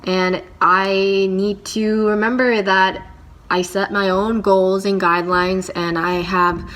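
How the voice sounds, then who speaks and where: A young woman vlogging to camera about her work as a handywoman, talking in a reflective, halting way with many fillers. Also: mid-range voice, little pitch movement, fairly bright tone. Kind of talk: casual talking-to-camera vlog.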